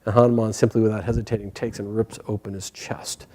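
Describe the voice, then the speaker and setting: A man teaching a spiritual class, telling a story gently and hesitantly with many pauses and fillers. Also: fairly low pitch, level tone.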